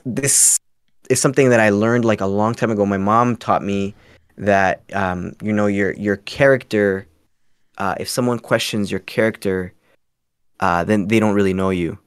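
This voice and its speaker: A man's voice: lowish voice, steady tone, normal speed, clean tone, dry recording, clean studio sound. A man speaking as a podcast guest in a casual interview, earnest, rambling and self-conscious.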